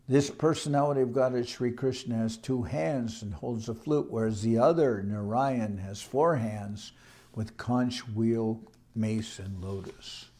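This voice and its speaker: A man reading verses slowly and then explaining them in a casual, conversational way. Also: medium pitch, warm tone. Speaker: scripture reader and teacher. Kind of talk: scripture reading with commentary.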